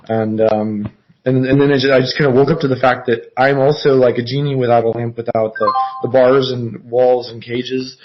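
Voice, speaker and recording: A man talking on a video call in a rambling, halting way, hesitating often and restarting his sentences. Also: mid-range voice, flat delivery, slight background noise. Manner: meandering, halting, many fillers and restarts. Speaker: caller. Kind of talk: rambling casual chat. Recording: muffled lo-fi video call audio.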